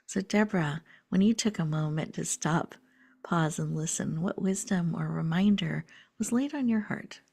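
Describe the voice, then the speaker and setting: Breathy, gravelly-voiced woman host. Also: on the low side, moderate pace. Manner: soft, gentle, drifting into breathy half-whispers. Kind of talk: guided breathing meditation and reflection.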